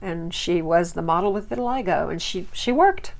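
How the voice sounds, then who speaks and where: A woman hosting a casual TV recap podcast, chatting and gossiping with lots of ums, and jumping high on her punchlines. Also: moderate pace, gravelly. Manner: animated, with sudden high jumps on punchlines. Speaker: podcast host.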